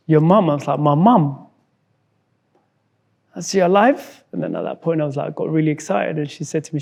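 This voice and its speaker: A Somali man, a guest in an interview, tells a personal story haltingly, repeating words and acting out what other people said. His voice is fairly high, gravelly and mellow.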